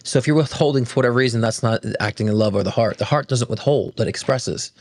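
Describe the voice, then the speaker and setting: A man's voice: medium pitch, fast, darkish tone. A man co-hosting a casual spiritual talk show, explaining things earnestly with many fillers. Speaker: co-host.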